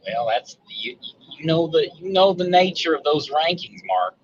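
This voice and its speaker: A man's voice: on the high side, big pitch swings, normal speed, highs cut off, slight background noise. A man with a Southern accent calling in to a live sports show, talking in a folksy, teasing drawl. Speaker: caller. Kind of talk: casual call-in banter.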